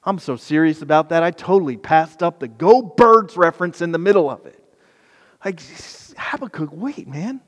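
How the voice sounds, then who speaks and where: A man's voice: on the high side, expressive, normal speed. Impassioned male preacher in a reverberant hall. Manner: impassioned, swings from soft to loud; casual asides. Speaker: pastor. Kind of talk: sermon.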